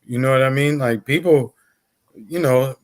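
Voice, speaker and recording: A man's voice: medium pitch, normal speed. A man on an online panel chat, speaking conversationally with frequent fillers. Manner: conversational, uses "you know" a lot. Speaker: panel guest.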